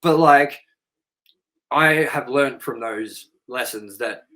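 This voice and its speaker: A man's voice: mid-range voice, measured pace, low-quality recording. A man hosting a casual podcast, telling stories frankly, swearing freely and acting out what people said. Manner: candid, profane storytelling; animated, acts out quoted voices. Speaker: podcast host.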